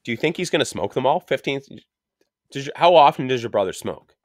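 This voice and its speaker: A man's voice: mid-range voice, animated, fairly quick, no echo, clean studio sound. A young adult man hosting a casual cigar podcast, rambling and joking crudely as he tells stories. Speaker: podcast host.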